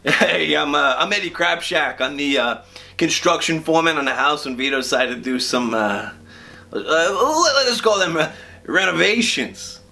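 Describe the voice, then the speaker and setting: A man's voice: a little high, animated, moderate pace, gravelly, sharp tone, slight background noise, heavily acted. An actor playing a rambling, crude construction foreman, stammering through a mock true-crime interview.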